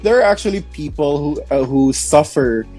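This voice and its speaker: A man's voice: on the high side, animated, normal speed, darkish tone, faint music behind. A young man hosting a live interview, chatty and sympathetic, with loose casual fillers. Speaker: interview show host.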